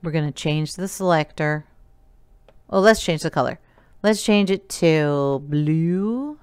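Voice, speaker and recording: Lady teacher doing a recorded web design class, slow and patient, smooth clear voice, dry close mic. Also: low-pitched, darkish tone, dry recording. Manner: patient, step-by-step explaining, counting aloud. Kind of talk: recorded remote coding lesson.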